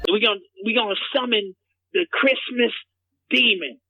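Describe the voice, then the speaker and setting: This is a man putting on a clueless, rambling character with a gravelly, creaky voice. He keeps tripping over his own words and repeating himself in a slow drawl. The sound is muffled and lo-fi. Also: very high voice. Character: rambling dim-witted man, scattered and clueless. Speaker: comedian doing a character bit.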